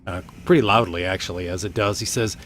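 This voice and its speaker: A man narrating a tabletop game as game master, relaxed and full of fillers. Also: low-pitched, fast, slight background noise.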